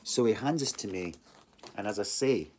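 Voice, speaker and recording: A middle-aged man telling a personal testimony in a halting, rambling way, full of restarts and remembered thoughts. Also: on the low side, animated, a little mellow, slight background noise. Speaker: speaker giving a personal testimony. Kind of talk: emotional personal storytelling.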